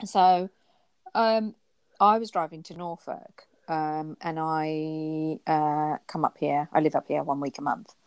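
Lower-voiced woman telling animated stories. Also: takes it slowly, clean tone, no room sound. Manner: animated storyteller, jumps high for quoted exclamations. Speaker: podcast co-host. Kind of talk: casual chat.

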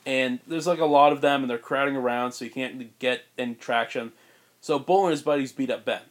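Man, podcast co-host, casual story pitch, rambling, fillers, laughing. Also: fairly quick.

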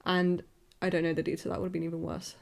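A young woman chatting casually with her sister on a podcast, giggly and relaxed. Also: fairly low pitch, quick pace, gravelly. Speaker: co-host, sister.

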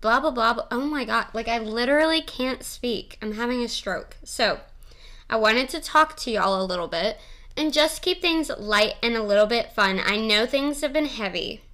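A young woman rambles through a casual solo podcast, giggly and freely swearing. Her voice is bright and crisp, sitting a little high for a woman. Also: lively intonation, normal speed. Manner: rambling, giggly, profane and playful. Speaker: podcast host.

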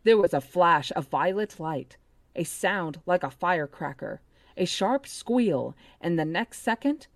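A woman co-hosting a book club podcast, reading a novel aloud with steady narration and chatting with curious questions. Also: lowish voice, measured pace, no room sound. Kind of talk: reading a novel aloud, then casual chat.

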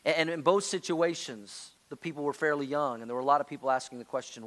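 A man preaching a sermon as pastor, moving between loud pleading outbursts and quiet, hushed lines. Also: on the high side, quick pace, hardly any pauses. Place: church sanctuary.

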